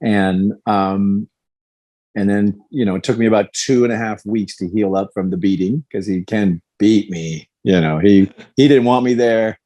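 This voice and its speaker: A man's voice: on the low side, moderate pace, mellow. A man in his fifties, a guest in a podcast interview, telling his story candidly and animatedly, acting out quoted lines. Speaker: guest, former fighter.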